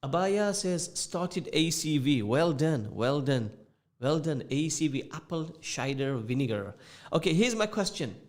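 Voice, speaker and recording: A man's voice: on the high side, very animated, unhurried. A man hosting a radio show with a mixed northern English and London accent, chatting casually, joking and repeating phrases as he reads out listener messages. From England. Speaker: radio host. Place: radio studio.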